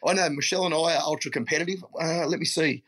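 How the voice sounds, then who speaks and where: A middle-aged Australian man with a fairly high pitch and fairly bright tone talks fast as a guest in a casual chat. He tells blokey stories and calls people mate.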